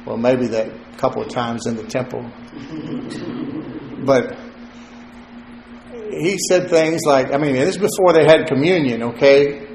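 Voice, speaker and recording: A man's voice: medium pitch, a little slow, vocal fry, long pauses, crowd noise. A male pastor delivering a sermon in a loose, conversational way, joking at times and repeating words as he thinks. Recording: roomy echo.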